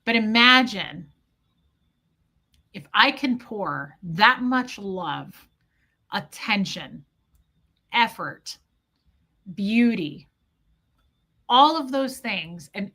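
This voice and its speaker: A woman hosting a livestream, talking emotionally to her viewers and swinging between yelling and quiet reflection. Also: mid-range voice, expressive, slow, pauses often. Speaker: livestream host.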